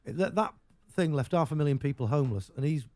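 A chatty English man on the radio, rambling from one joke to the next. His pitch swings widely as he talks, with a mellow, warm tone. The sound is close and dry. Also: expressive, fast talker, dry recording. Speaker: radio show host. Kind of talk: casual on-air banter.

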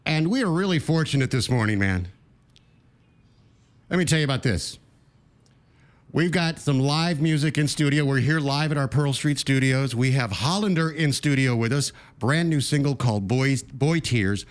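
A man's voice: mid-range voice, moderate pace. A man hosting a morning radio show, introducing a live guest in an enthusiastic, conversational way from the studio.

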